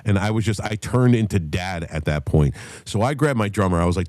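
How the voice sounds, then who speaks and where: A man telling a profane story on a casual podcast, animated and loud in the telling. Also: lowish voice, a little fast, no echo, clean studio sound. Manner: animated storyteller, shouts when acting out others.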